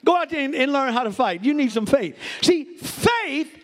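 High-voiced preaching pastor, shouting. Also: male voice, expressive, normal speed. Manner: preaching with shouted peaks and laughter, talks to the congregation. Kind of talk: sermon. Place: church before a congregation.

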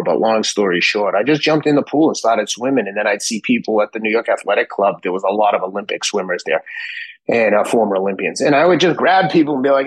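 A man's voice: mid-range voice, slightly rough, no room sound, rough recording. A man in his fifties from Boston, a guest telling stories with swearing, acting out both sides of his conversations. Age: 50s. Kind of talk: animated storytelling.

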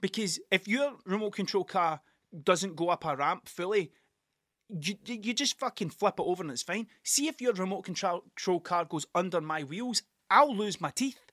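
A man's voice: sits high, animated, normal speed, a bit bright, no room sound, studio quality. A man with a Scottish accent, rambling and swearing through a casual solo podcast monologue. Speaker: podcast host.

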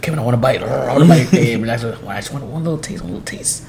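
A man's voice: medium pitch, racing, vocal fry, dark tone, slight background noise, lightly acted. A man voicing a brash male pet dog that talks trash at the mailman. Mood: greedy. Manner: cocky, trash-talking.

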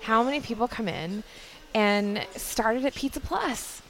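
A woman's voice: fairly high pitch, measured pace, a crowd in the background. A woman co-hosting a casual chat, upbeat and teasing. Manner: upbeat, teasing, laughs often. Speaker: podcast co-host.

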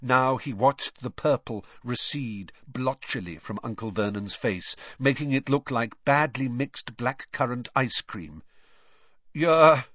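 A man narrating a storybook in an expressive, dramatic reading. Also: medium pitch, measured pace, few pauses, dry recording. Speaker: audiobook narrator. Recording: dry, slightly dull recording.

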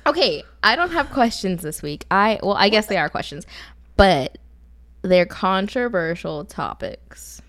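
Giggly young woman, lively and bright. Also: medium pitch, unhurried, no room sound, studio quality. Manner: giggly, rambling, animated. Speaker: podcast co-host. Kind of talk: casual chat over video call. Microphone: video call.

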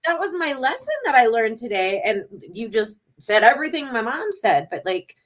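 A woman's voice: on the high side, sing-song, normal speed, a bit bright. A woman co-hosting a podcast, chatting casually and animatedly retelling a story. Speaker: podcast co-host.

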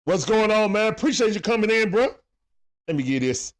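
A man hosting a sports talk livestream, giving casual play-by-play as he watches a game, shouting at big plays and greeting viewers. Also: high-pitched, animated, fairly quick, noisy background. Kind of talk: live play-by-play watch-along commentary.

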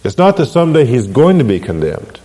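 A man's voice: mid-range voice, very animated, fairly quick, dark tone, husky, in a large hall, rough recording. A man preaching an expository sermon, asking the congregation questions as he teaches. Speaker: pastor.

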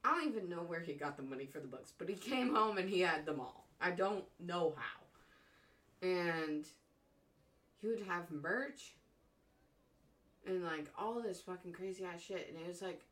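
Swearing, animated young woman chatting. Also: fairly low pitch, measured pace. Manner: animated, swears constantly, laughs often. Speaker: podcast co-host. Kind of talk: casual chat.

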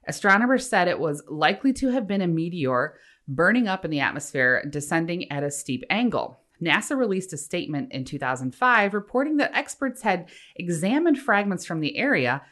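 Low-voiced woman co-hosting a chatty podcast. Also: very animated, fairly quick, a bit bright. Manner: chatty, wry asides after reading facts. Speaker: podcast co-host. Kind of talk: casual chat, reading facts aloud.

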